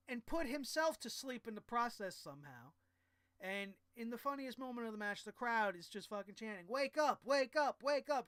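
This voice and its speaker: A man's voice: very high voice, a bit bright, smooth, no room sound. A man recapping a wrestling show in a casual, profane and exasperated rant, full of sarcasm.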